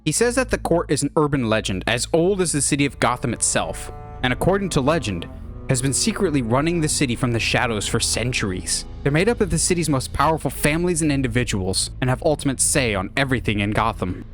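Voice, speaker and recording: Animated male narrator, mid-pitched, eager storyteller. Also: quick pace, faint music behind. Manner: animated, lively. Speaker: narrator pitching a movie idea.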